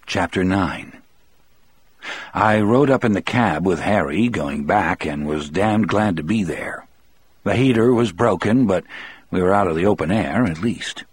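A man reads a first-person novel aloud in a measured, even way. His voice is very deep and husky, recorded dry and close with no room sound. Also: no echo. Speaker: audiobook narrator.

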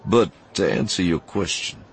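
A man's voice: low voice, slight background noise, lightly acted. Man doing Lando, a charming scoundrel. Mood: wooing. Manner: smooth, slow, wooing delivery. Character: charming male scoundrel hero, smooth and easygoing.

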